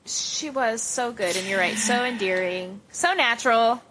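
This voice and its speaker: A woman co-hosting a podcast in casual chat, reacting quickly and gushing about the film. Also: a little high, background noise. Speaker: podcast co-host.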